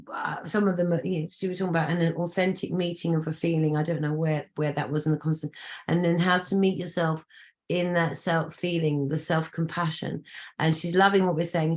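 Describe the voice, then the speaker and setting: A woman hosting a casual interview on a video call, talking enthusiastically in a rambling way with many restarts. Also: fairly low pitch. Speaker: host and singer-songwriter.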